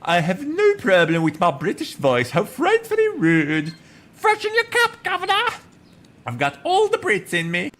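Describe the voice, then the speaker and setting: A man voicing an exaggerated posh British gentleman, shrill and mocking. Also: huge pitch swings, unhurried, full character voice. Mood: haughty. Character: snooty over-the-top British gent.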